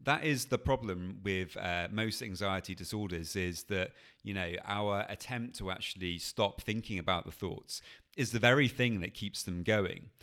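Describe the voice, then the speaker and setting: A man with a fairly low voice talks listeners through a coping technique. His delivery is calm and patient, unhurried and explanatory, like a coach on his own podcast. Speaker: anxiety coach. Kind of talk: podcast teaching.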